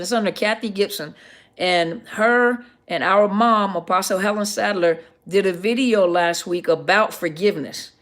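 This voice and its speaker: A middle-aged woman, a counselor, hosting a casual livestream Q&A, chatty and greeting viewers by name as she reads their comments. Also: medium pitch.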